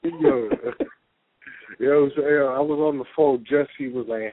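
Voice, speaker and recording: With a fairly high, unhurried voice, a man co-hosting a relaxed call-in show swears casually and laughs a lot. The audio has a tinny phone-line quality and a little hiss or hum.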